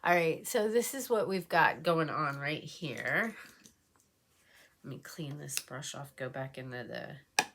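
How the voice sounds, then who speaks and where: Low-voiced, emotional woman vlogging. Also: slow, noisy background. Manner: emotional, rambling, many fillers. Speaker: beauty vlogger. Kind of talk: casual get-ready-with-me chat.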